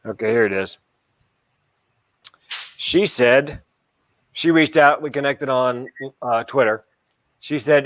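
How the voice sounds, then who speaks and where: A man co-hosting a casual podcast, talking with dark, self-deprecating humor and chuckling at his own jokes. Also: medium pitch, slow pace, long pauses, dry recording. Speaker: podcast co-host and mental health speaker.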